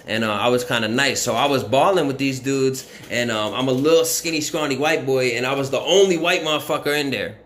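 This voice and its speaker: Sex: man. Role: vlogger. Style: casual storytelling. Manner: rambling and profane, heavy on fillers. Pitch: mid. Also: a bit bright, slight background noise. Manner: rambling, profane, constant "you know what I mean" fillers. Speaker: vlogger telling his life story.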